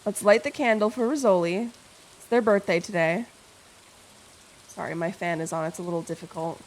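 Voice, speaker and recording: A woman's voice: lowish voice, normal speed, slight background noise. A young woman streamer chatting casually with her chat, playful and rambling, swearing freely and reading messages aloud.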